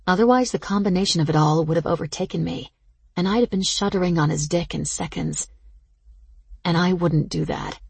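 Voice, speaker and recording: A woman narrating an audiobook in the first person, slow and intimate, with a low, very breathy voice and a gravelly edge. The sound is close and dry. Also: darkish tone, no echo.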